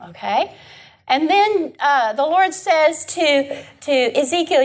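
A woman's voice: high voice, expressive, moderate pace. A woman leading an informal Bible class. She talks in a chatty, emphatic way and keeps checking in with her listeners. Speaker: Bible study teacher.

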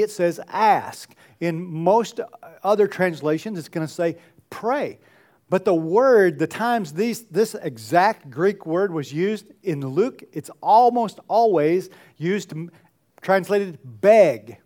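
A man with a rather high voice preaches to his congregation. He is earnest and pleading, and he often lets his voice sink to soft, quiet phrases. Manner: earnest, pleading, drops to soft near-murmurs. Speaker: pastor. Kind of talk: sermon.

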